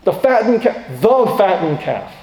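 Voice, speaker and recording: A man delivers a sermon in a high, mellow voice that fills a large, echoing hall. His pace is measured and sing-song as he shifts between loud, forceful questions and soft, hushed asides.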